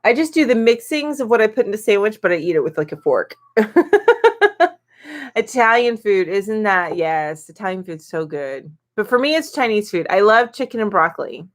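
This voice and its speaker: A middle-aged woman chats casually on a live stream, reading viewer comments aloud. She fills her talk with ums and small laughs. Her voice sits at a middle pitch but swings lively up and down. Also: moderate pace. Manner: chatty and giggly, many ums, reads comments aloud. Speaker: host of a live chat stream.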